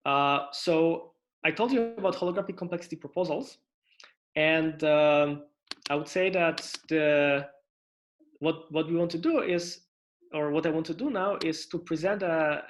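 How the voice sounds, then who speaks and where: A man giving an online conference lecture on physics, talking in a halting way with many restarts and fillers and inviting questions. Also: on the high side, a little hiss or hum. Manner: asks for questions and interruptions. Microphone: computer mic on video call.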